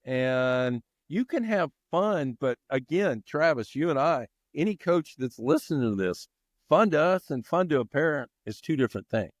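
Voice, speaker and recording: A middle-aged man, a longtime baseball coach and teacher, telling stories with lively energy as a podcast guest. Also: on the high side, moderate pace, no room sound, studio quality. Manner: animated, energetic storyteller. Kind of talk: storytelling in a podcast interview.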